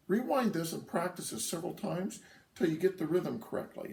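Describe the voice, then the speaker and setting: Drum teacher guy, kinda high gravelly voice, echoey room, mic a bit far off. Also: animated, a little fast, a little mellow, slight background noise. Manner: patient, counts rhythms aloud, checks in with "okay?". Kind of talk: instructional lesson.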